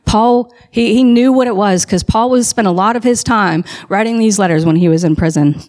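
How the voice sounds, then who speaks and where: A woman delivers a sermon in a mid-pitched voice. She tells the story with rising fervour and presses her points with emphatic calls to the congregation. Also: moderate pace, a little mellow. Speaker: preacher.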